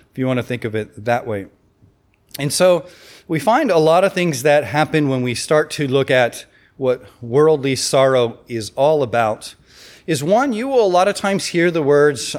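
A man's voice: mid-range voice, lively intonation, a little slow. A man preaching a sermon in a conversational way, reading scripture and acting out the quotes.

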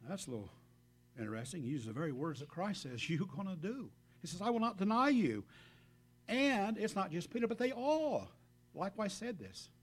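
A preacher delivers a conversational sermon in a high, slightly rough voice that swings widely in pitch and moves along fairly quickly. He speaks earnestly, addressing the congregation directly and offering reflective asides between scripture readings.

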